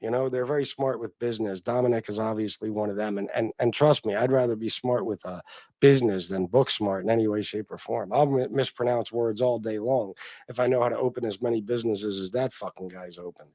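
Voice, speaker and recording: A man's voice: on the low side, brisk, darkish tone, dry recording. A man, chatting casually on a livestream as host, swearing freely and answering viewers.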